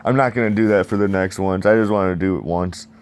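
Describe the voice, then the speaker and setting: A man's voice: low-pitched, quick pace, clean tone. A young man casually reviewing a comic book, rambling and swearing as he acts out scenes and adds sound effects. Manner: profane, excitable, sound effects and acted-out dialogue.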